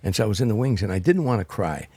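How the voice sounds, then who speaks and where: Husky low-voiced older man telling stories. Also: very fast, no echo. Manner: animated raconteur, restarts and repeats words. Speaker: guest comedian. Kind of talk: anecdotal storytelling in an interview.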